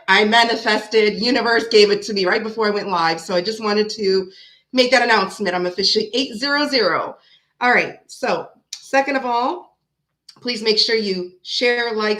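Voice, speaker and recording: A woman's voice: mid-range voice, sharp tone. A woman hosting a tarot live stream, chatting casually and greeting viewers one by one by name.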